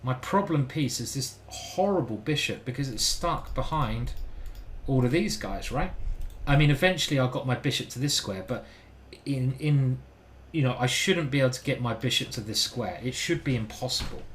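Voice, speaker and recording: A man's voice: medium pitch, animated, normal speed, slight background noise. Chatty man commentating chess. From United Kingdom. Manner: chatty, talks to chat, thinks aloud. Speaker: chess streamer and grandmaster. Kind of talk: live-stream chess commentary.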